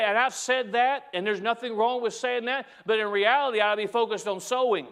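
High-voiced pastor preaching emphatically. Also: male voice, brisk, few pauses, a bit bright, clean tone. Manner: emphatic, repeats key phrases; addresses the congregation directly. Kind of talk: sermon.

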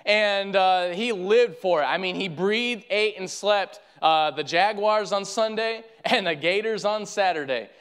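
Preacher guy w a high smooth voice, fired up sermon, keeps saying friend. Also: unhurried, hardly any pauses, fairly bright tone. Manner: fervent preaching, repeats phrases, addresses listeners as friend. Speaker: pastor.

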